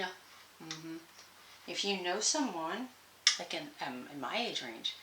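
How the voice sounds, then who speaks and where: Speaking in a lowish, pushed, bright voice, this woman hosts a laid-back sewing vlog in her sewing room. She rambles in a folksy way and laughs a lot, and the echoey space carries a little faint noise.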